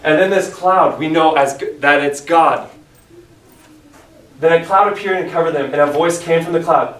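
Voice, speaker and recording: A man's voice: on the high side, moderate pace, a bit bright, distant mic. A man teaching a church Bible study in an earnest, emphatic way, reading scripture aloud. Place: church room. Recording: echoey room, mic from afar, faint hiss.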